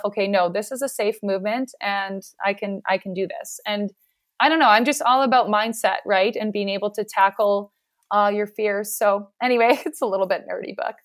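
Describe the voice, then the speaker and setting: A woman, a physical therapist, talking at length as an earnest, reflective guest in a casual interview. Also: mid-range voice.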